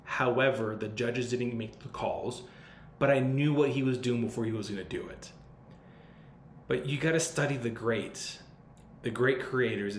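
A podcast host gives a casual advice monologue, loose, blunt, and heavy on swearing, in a middling-pitched voice. The room rings a little, with faint background hiss.

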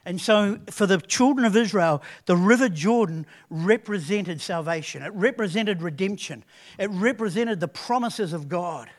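A man preaches a sermon with a notably high voice. He tells his story in a lively, animated way, often stopping to restart a phrase. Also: normal speed.

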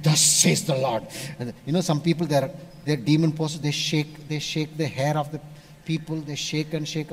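Male preacher telling stories. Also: a little high. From India. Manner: storytelling, animated shifts between loud and hushed. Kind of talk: sermon.

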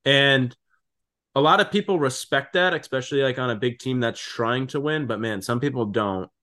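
A man's voice: mid-range voice, moderate pace, sharp tone. A man in his twenties co-hosting a casual podcast, talking bluntly with lots of "like" and "dude" and free swearing. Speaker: podcast co-host.

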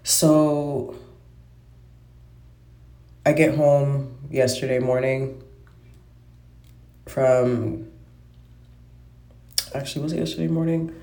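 A woman's voice: extremely low pitch, fairly even intonation, very slow, pauses often, dark tone. Profane, exasperated woman venting in a roomy echo. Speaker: vlogger. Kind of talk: casual venting monologue.

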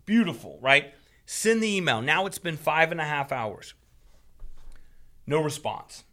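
A man casually retelling a frustrating story, animated and profane, laughing as he goes. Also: on the high side, a little slow. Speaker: storyteller on a talk show. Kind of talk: casual chat.

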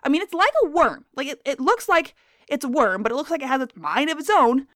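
A woman hosting a scripted, comedic wildlife lesson, theatrical and profane, who spells words out loud. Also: sits high, animated, a little fast, no room sound, clean studio sound. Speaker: science video host.

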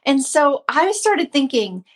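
A woman in her fifties who hosts a Christian mom channel gives a casual devotional talk to her viewers. Her high voice is sing-song and slow, and she's earnest and chatty, repeating herself often.

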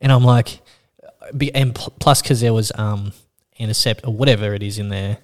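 A man spins a rambling anecdote in casual podcast chat. He swears often and slips into lively impressions of the people he quotes. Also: lowish voice, brisk. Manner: animated, swears freely, acts out quoted voices. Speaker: podcast host.

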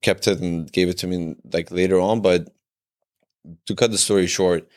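A man's voice: deep voice, fairly even intonation, moderate pace, darkish tone. A young man telling a long personal story on a podcast, rambling with constant fillers and frequent swearing. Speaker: podcast co-host. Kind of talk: casual storytelling chat.

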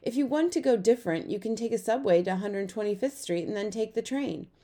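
A woman's voice: on the high side, animated, fairly quick, mellow, voice pushed up, natural voice. A woman voicing a practical, impatient young boy in an audiobook, talking in a matter-of-fact, teasing way.

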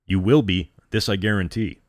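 A man voicing a blunt, loud spaceship captain who speaks coarsely. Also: on the low side, fairly even intonation, moderate pace, no echo, clean studio sound, natural voice. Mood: confident. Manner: roaring, coarse.

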